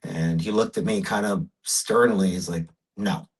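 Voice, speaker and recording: A man speaking as a podcast guest, telling his story with emphasis in a relaxed interview. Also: low-pitched, normal speed, breathy edge, rough recording. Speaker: podcast guest, real estate investor. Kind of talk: casual interview talk.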